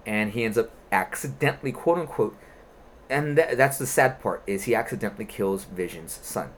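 A man in casual chat, excitedly retelling a comic book story with lots of swearing. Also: on the low side, slight background noise. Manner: animated, profane storytelling.

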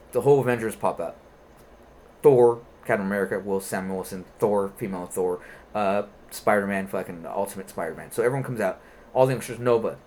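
A lower-voiced man talks through a comic's plot in loose, animated chat, swearing freely. A faint hum of room noise sits behind him. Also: fairly quick. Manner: animated, profane storytelling. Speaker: comic book reviewer. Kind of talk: casual chat.

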